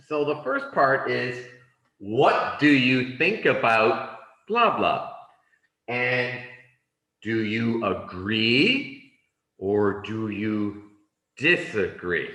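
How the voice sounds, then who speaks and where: A man teaches an English class with a slow, deliberate delivery and a lively, swooping pitch. His voice sits in a middling register and carries the ring of an echoey room. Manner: slow, deliberate, animated delivery with exaggerated read-out examples. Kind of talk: online classroom lesson.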